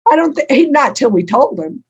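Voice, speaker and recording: An older woman being interviewed as an author, telling stories warmly with frequent ums and laughs. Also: high voice, very animated, brisk, slightly rough, highs cut off. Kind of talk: conversational interview.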